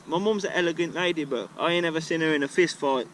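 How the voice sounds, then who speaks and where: A man's voice: a little high, fast. A man, chatting off the cuff at a favourite outdoor spot. He rambles and swears freely in loose slang, over a faint hum of street noise. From England. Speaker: vlogger. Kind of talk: casual rambling monologue. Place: outdoors at a regular filming spot.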